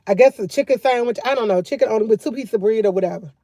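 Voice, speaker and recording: Woman, livestream host, loud, chatty, laughing storyteller, dry close sound. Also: on the high side, rapid-fire, no echo. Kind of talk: casual livestream chat.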